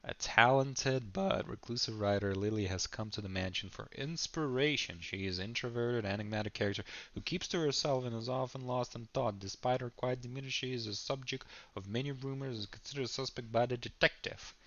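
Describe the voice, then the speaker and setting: A man's voice: medium pitch, fairly quick, hardly any pauses, fairly bright tone, dry recording, muffled recording. A man reading an AI game prompt aloud, stumbling and laughing as he comments. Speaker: video creator.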